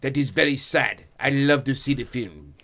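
A man putting on a deliberately bad French accent as a joke, speaking in short stilted phrases. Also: mid-range voice, lively intonation, vocal fry, heavily acted. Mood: joking. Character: mock Frenchman, man, hammy.

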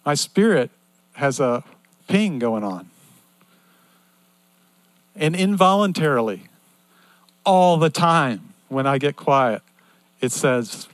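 An older man preaching a sermon in an earnest, repetitive cadence that swings between loud and hushed. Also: mid-range voice, lively intonation, takes it slowly, long pauses, no echo.

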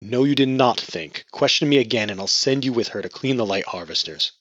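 A man's voice: lowish voice, lively intonation, fairly quick, a bit bright, breathy edge, no room sound, dull audio. A man reading a stern, domineering patriarch who speaks with cold contempt. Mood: scornful. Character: stern domineering male cult patriarch, middle-aged.

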